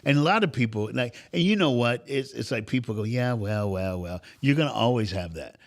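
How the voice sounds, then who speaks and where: A middle-aged man of ordinary pitch holds forth as a talk-show guest. He tells his stories with animation and jumps into other people's lines to act them out. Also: animated, fast, gravelly. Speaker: guest speaker and author. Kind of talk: storytelling in a talk-show conversation.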